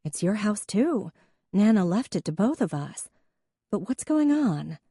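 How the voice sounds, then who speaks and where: A woman voicing a warm younger sister with a dry, wry way of talking. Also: mid-range voice, very animated, a little slow, husky, no echo, pitched above the performer's own voice, exaggerated voice.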